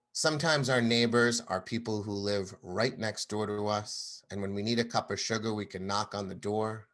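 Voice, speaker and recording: Thirtyish guy telling a story about his kids, bright voice, lively, does little voices for people. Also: lowish voice. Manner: animated, acts out quoted voices. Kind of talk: personal storytelling performance.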